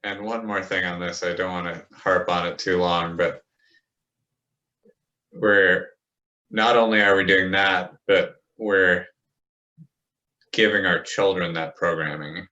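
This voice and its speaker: A man with a very low voice speaks with an emphatic, indignant edge in casual conversation, cursing freely. His tone is bright and forceful despite the depth. The audio comes through a little muffled and lo-fi, as if over a remote call. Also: steady tone, takes it slowly, pauses often. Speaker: podcast guest.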